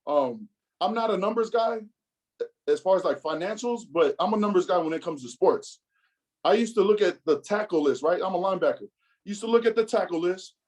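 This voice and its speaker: A man in his thirties giving an animated motivational talk, acting out quotes as he tells his story. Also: sits high, brisk, rough recording. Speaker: business speaker.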